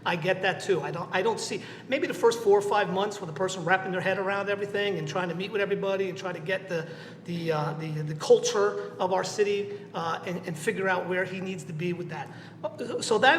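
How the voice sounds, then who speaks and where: A man's voice: sits high, fairly bright tone. A middle-aged man with a Southern New England accent speaking as a city council member at a public meeting, emotional and blunt, repeating himself for emphasis. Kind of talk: impassioned speech at a public meeting. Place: large echoey meeting chamber. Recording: echoey council chamber with long reverb, faint noise.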